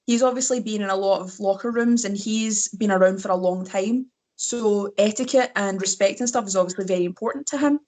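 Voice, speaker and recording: This slightly hoarse Scottish wrestler talks as a guest in easygoing conversation, her mid-range voice a little fast and a little mellow. Laughter breaks in frequently between fillers.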